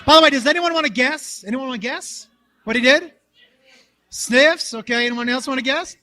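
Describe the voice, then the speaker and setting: A man telling a story on stage as a stand-up comedian and joking with the crowd, jumping between shouts and mutters. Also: extremely high pitch, moderate pace. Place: large hall with a live audience.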